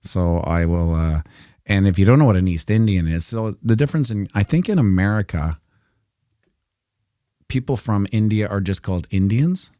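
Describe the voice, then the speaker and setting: A man's voice: fairly low pitch, expressive, normal speed, mellow, no echo, studio quality. A Canadian man giving casual, rambling commentary on crypto price charts during a livestream, with jokey asides.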